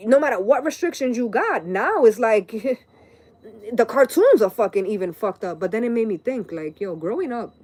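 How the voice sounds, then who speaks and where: A woman's voice: on the high side, very animated, moderate pace, darkish tone. Profane, rambling woman in her late thirties. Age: late 30s. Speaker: tarot reader. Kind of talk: casual live-stream rant.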